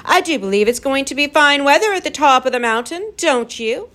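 A woman's voice: medium pitch, big pitch swings, a bit bright. A woman doing a courteous male professor. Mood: steady. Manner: measured, polite, encouraging. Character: calm, courteous male professor leading children.

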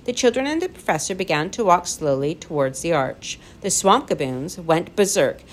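Woman narrator for a children's tale, animated delivery. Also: on the low side, normal speed, a little hiss or hum. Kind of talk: storybook narration.

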